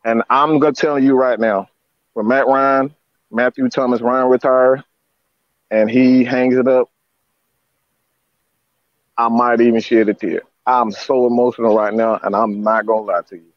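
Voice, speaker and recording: A man co-hosting a fan sports show from home, hoarse after losing his voice, stammering and distraught. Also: fairly even intonation, measured pace, pauses often, no room sound, lo-fi sound. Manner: distraught, stammering, high-pitched outbursts. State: hoarse, lost voice. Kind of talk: emotional live sports fan chat. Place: at home, hot house.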